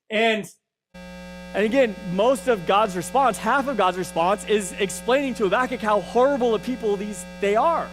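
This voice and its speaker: High-voiced man teaching a Bible lesson. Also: normal speed, soft background music, rough recording. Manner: conversational, often checks in with "right?" and "okay?"; restarts and repeats words often. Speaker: church teacher.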